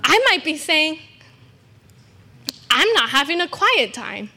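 High-voiced, slow-preaching young woman. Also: big pitch swings, sharp tone. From California. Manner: earnest, slow and emphatic, with self-deprecating asides. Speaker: guest preacher. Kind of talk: sermon. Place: church service.

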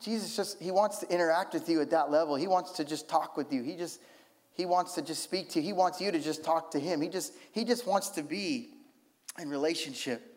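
A man preaching a sermon in an animated, conversational way, with humorous asides. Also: a little high, fairly quick. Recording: long hall reverb.

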